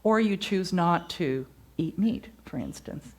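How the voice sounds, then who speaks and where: A woman giving a gentle, reflective spiritual talk, telling stories to her congregation. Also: fairly low pitch, animated, takes it slowly.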